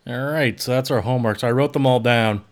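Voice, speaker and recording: Male podcast host, mid-pitched, joking casual chat. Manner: joking, quick to laugh.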